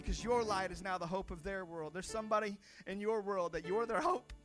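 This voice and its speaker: A man's voice: high voice, sharp tone. A man preaching as a pastor, leading a prayer that swells into a sing-song cadence and then teaching with emphatic repetition. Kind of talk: sermon with altar-call prayer.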